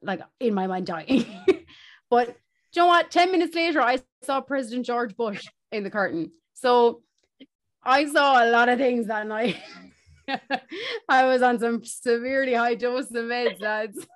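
A young Irish woman, a podcast co-host, telling a story in casual chat, animated and swearing, laughing as she goes. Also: fairly high pitch, unhurried.

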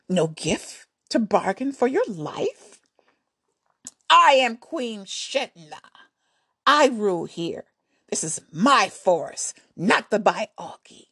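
A fierce warrior queen from a told story, as a woman storyteller puts her on, scornful and commanding. Her voice is loud and breathy, and she speaks slowly with weight. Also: mid-range voice, no echo, clean studio sound, heavily acted.

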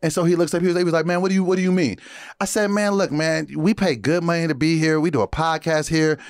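A man's voice: on the high side, quick pace, clean tone, no echo, clean studio sound. A young adult man co-hosting a podcast, telling a story in casual chat and acting out the people in it. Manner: animated, acts out quotes, frequent laughter. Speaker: podcast co-host.

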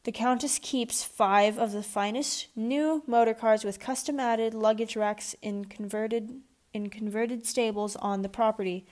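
A woman's voice: fairly high pitch, steady tone, a little slow, darkish tone, close to an everyday voice. Prim male butler, clipped and formal, read by a woman. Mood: haughty. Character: stiff, proper male butler.

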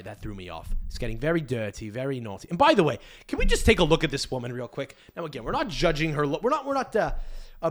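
A man hosting a podcast, ranting crudely and rambling with many restarts. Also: mid-range voice. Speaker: podcast host. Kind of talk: casual rant.

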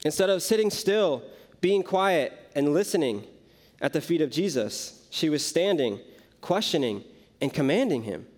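A man's voice: on the high side, lively intonation, moderate pace, darkish tone. A young man preaching a casual sermon, telling the story conversationally with frequent asides to the listeners. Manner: conversational, many "like" and "right?" asides. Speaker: youth preacher.

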